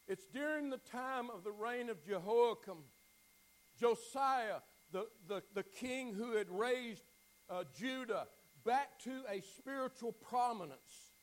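A man preaching with a very high-pitched voice, his delivery impassioned and uneven. He climbs to near-shouted pleading, then sinks to hushed, quiet lines. He often repeats words and restarts phrases as he builds. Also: slow, low-quality recording. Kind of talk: sermon.

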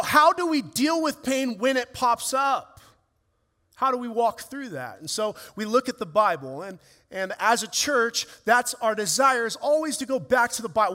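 A man with a high, slightly bright voice preaches a sermon as a pastor, telling a family story with earnest, rising emotion. The recording carries the long reverb of the church hall he's speaking in.

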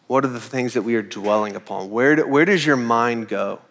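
A man's voice: medium pitch, normal speed, fairly bright tone. A male pastor delivers an earnest sermon in a mid-range voice. He repeats his key points and poses rhetorical questions to the congregation. His voice carries a long reverb through the church hall.

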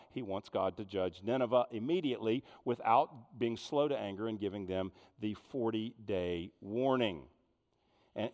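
A man preaching a sermon in an animated way, full of rhetorical questions. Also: lowish voice, in a large hall. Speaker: pastor.

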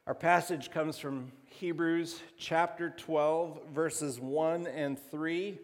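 A man preaching to his church in an unhurried, conversational sermon, stopping and restarting his phrases as he goes. His voice sits a little high for a man. The sound rings with the long reverb of a large sanctuary. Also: fairly even intonation. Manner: conversational, halting with restarts and fillers. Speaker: pastor.

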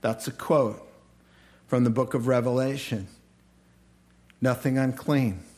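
Slow-talking male preacher. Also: medium pitch. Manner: conversational, animated asides with quoted voices. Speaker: pastor. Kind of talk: sermon.

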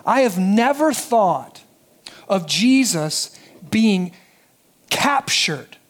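High-voiced pastor preaching. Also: male voice, very slow. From United States. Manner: animated preaching, dropping soft for emphasis. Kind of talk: sermon.

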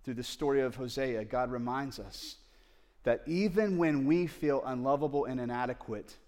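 Pastor preaching, hushed to loud. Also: male voice, mid-range voice, moderate pace. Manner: swings from hushed tender asides to loud pleading; addresses the audience directly. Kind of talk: sermon. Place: church service before a congregation.

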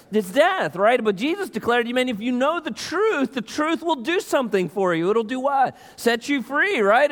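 Male pastor, high voice, emphatic sermon delivery, echoing church sanctuary. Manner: emphatic, repetitive preaching with calls to the church. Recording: long reverb of a church hall.

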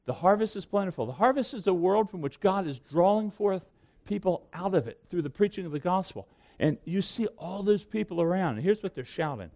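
A man's voice: high-pitched, expressive, fairly quick, vocal fry, warm tone. A man preaching a sermon as pastor, earnest and reading scripture aloud to his congregation.

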